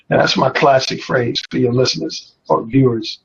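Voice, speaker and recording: Man, husky, slightly high voice, swaggering, explicit, muffled lo-fi. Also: normal speed, fairly bright tone. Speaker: guest, radio host. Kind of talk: casual storytelling chat.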